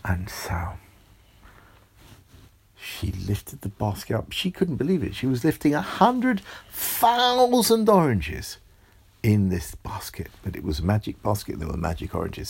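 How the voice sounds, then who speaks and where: Deep husky man telling a bedtime story. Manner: soft, hushed, lulling. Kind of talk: bedtime story, often whispered.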